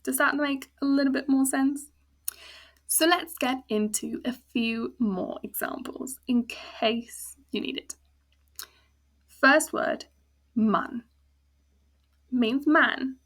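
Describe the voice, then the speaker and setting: Speaking high and fairly bright, a South African woman teaches a relaxed language lesson. She explains slowly and patiently, splitting words into their sounds and syllables and spelling the sounds out.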